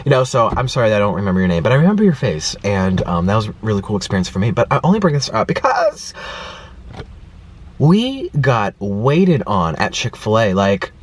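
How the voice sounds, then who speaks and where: Animated young man, lively chatty voice. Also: fairly low pitch, fairly quick. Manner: animated storytelling with acted-out quotes. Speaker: food vlogger. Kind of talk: casual chat to camera. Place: in a car.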